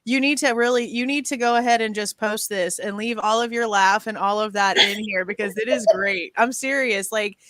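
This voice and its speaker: A woman guesting on a casual live stream, talking in an animated, chatty, encouraging way. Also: medium pitch, moderate pace, hardly any pauses.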